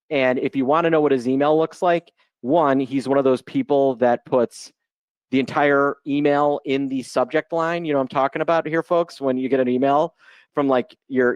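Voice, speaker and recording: A man's voice: mid-range voice, no room sound. Chatty man in his forties, dry sound. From Chicago, United States. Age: 40s. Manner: chatty and joking, loose unscripted delivery. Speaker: guest presenter, options trader. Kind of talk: live webinar presentation.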